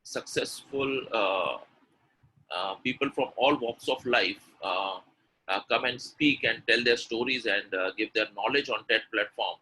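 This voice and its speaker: A man's voice: mid-range voice, measured pace, pushed and bright, husky, poor audio. A man teaching pronunciation in a live webinar, coaxing and repeating himself as he speaks to attendees directly. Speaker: English pronunciation coach.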